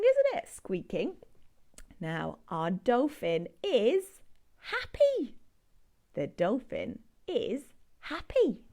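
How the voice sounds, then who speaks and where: A woman with a British accent, a speech and language therapist, leading a children's story-song session in a slow, exaggerated, sing-song way. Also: medium pitch, darkish tone. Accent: British English.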